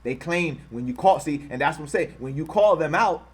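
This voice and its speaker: A man hosting an online show, reading items off his screen and talking about them. He repeats himself often and gets loud and high-pitched when he is worked up. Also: expressive, normal speed, slightly rough. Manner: repetitive, grows loud and high when heated, mocking quoted voices. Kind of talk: livestream commentary reading from a screen.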